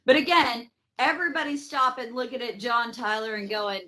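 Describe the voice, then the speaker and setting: A woman's voice: a little high, moderate pace. A woman hosting a podcast, telling history in a casual, profane, joking way. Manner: profane, animated storytelling with mock voices. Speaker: podcast host. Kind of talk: casual comedic history chat.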